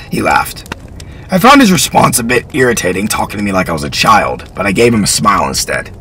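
A male storyteller reads historical fiction aloud with expressive delivery. His voice sits low but ranges widely in pitch, and a faint hum runs underneath. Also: a little fast, poor audio. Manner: expressive reading.

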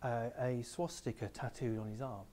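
A man's voice: mid-range voice, steady tone, normal speed, dark tone, natural voice. A man voicing a stern male pub barman in a story, with blunt, firm orders. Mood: explaining.

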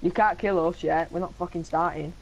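A man's voice: a little high, fairly even intonation, a little fast, creaky, highs cut off, a little hiss or hum. A man chatting casually during an online game, pushy and teasing, swearing at his friends. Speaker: gaming friend. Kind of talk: casual gaming chat with friends.

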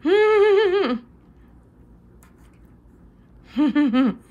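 A woman's voice: very high-pitched, big pitch swings, extremely slow, a little mellow, lo-fi sound. A woman filming her cat at home, cooing and giggling in doting baby talk. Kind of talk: casual home video chat.

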